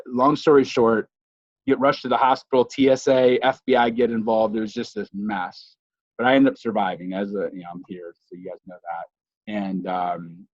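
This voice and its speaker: A man telling a long personal story in a webinar talk, chatty and animated with fillers and restarts. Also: fairly low pitch, no echo. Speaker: speaker. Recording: dull dry lo-fi audio.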